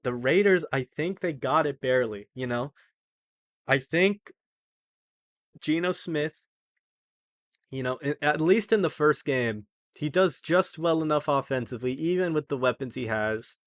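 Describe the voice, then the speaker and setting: A man's voice: a little high, measured pace, no room sound, clean studio sound. A young man hosting his own sports video, talking casually and rambling through game predictions. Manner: chatty, rambling, self-correcting.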